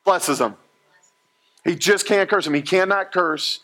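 A man preaching a sermon to a live congregation, telling a story in an animated, joking way and jumping between quoted voices. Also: high-pitched, a little slow.

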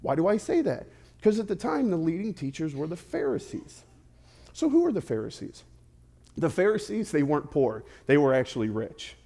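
A male pastor preaching a sermon in a lively way, asking the congregation direct questions and adding playful asides. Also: fairly high pitch, normal speed, gravelly. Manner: animated, asks the audience direct questions.

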